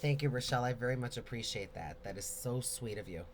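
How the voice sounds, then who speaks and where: A man with a mid-range voice hosts a casual live Q&A, answering viewer questions in a rambling, openly expressive way. A faint hiss of background noise sits under his speech. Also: medium pitch, fast.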